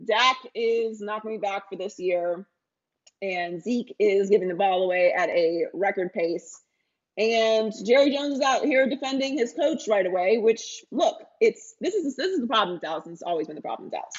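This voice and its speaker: A woman co-hosting a sports podcast, talking in a lively, opinionated way. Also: mid-range voice, moderate pace, dull audio. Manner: animated, opinionated. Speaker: podcast co-host. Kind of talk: casual sports talk.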